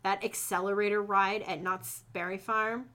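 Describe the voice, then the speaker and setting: A woman reads fan fiction aloud with friends in a bright, sharp voice. She keeps breaking off to joke and laugh between the lines. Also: mid-range voice, steady tone, moderate pace. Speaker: reader.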